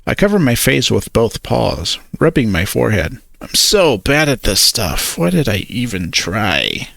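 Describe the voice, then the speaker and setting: A man reads a first-person story slowly, his voice gravelly, with a lively rise and fall in pitch. His character's lines come out hesitant and awkward, in a dry, close recording. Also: no echo. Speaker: narrator.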